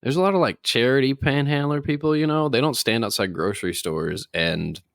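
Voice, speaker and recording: A man's voice: medium pitch, animated, fairly quick, vocal fry, fairly bright tone, no room sound, studio quality. A man co-hosting a casual chat, telling an anecdote and laughing often. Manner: storytelling, laughs often, acts out voices in anecdotes. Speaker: podcast co-host.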